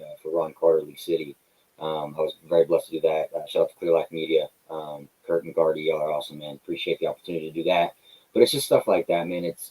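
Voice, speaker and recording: A fast-talking man from Texas chatting as a wrestling guest. His voice sits low, with a dark, husky edge. He tells animated stories, acts out both sides of conversations, and keeps tossing in "man" and "brother". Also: poor audio. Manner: animated storyteller, acts out dialogue, says "man" and "brother" a lot. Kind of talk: casual interview chat.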